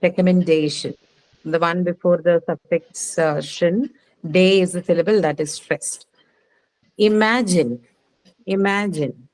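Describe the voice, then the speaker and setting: A woman teaching word stress to a class, repeating each word slowly and quizzing her students patiently. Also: fairly low pitch, fairly even intonation, darkish tone, no echo, poor audio. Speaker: English teacher.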